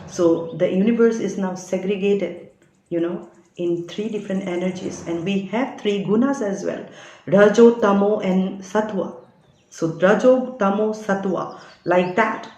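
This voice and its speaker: A woman delivers a spiritual reading straight to her listeners, preachy and insistent. Her voice sits at a middling pitch, and the room around her is echoey and reverberant. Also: a little slow, warm tone. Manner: preachy, insistent, keeps adding "all right?". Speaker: spiritual channel reader. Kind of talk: spiritual guidance monologue.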